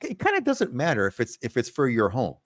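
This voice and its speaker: A man's voice: mid-range voice, wildly swooping pitch, brisk, no echo, studio quality. A man in his fifties hosting a live panel show, chatting casually and rambling with frequent restarts. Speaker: host.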